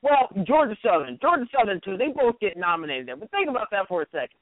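A man's voice: high voice, very animated, fast talker, no echo. A man co-hosting a sports talk show, making mocking, sarcastic asides about the local teams. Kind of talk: casual sports radio rant. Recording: tinny phone-like radio sound.

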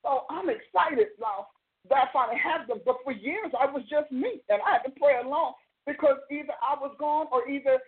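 A woman's voice: high voice, a little fast. Woman preaching over a tinny phone line. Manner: emphatic, repeats phrases for stress. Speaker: preacher and show host. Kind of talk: conversational preaching.

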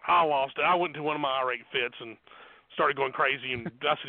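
A man with a Southern accent, a wrestling manager telling boastful stories in an animated way, full of restarts. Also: fairly high pitch, fast talker, no echo. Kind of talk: storytelling on a podcast. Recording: tinny phone line.

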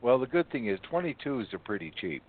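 A man in a casual radio chat, talking slowly and listing details one by one. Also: medium pitch, sing-song. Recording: tinny phone-line sound.

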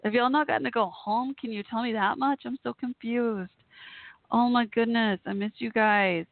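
A woman's voice: on the high side, steady tone, moderate pace, creaky, no room sound. A woman hosting a live internet radio show, gushing and emotional, rambling as she talks. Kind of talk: casual live chat show. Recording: tinny phone-like sound, dry.

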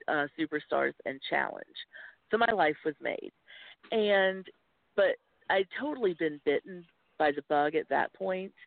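A woman's voice: sits low, creaky, no room sound. A woman in her forties from North Carolina with a Southern accent, chatting and laughing as a podcast guest. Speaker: guest, wrestling commentator. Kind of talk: casual podcast chat. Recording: tinny phone-line audio.

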